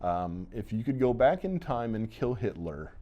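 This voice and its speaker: A man's voice: medium pitch, lo-fi sound. A man co-hosting a podcast, retelling a novel's scenes in casual chat and acting out the characters' lines. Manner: animated, acts out characters' lines in quick voices. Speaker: podcast co-host.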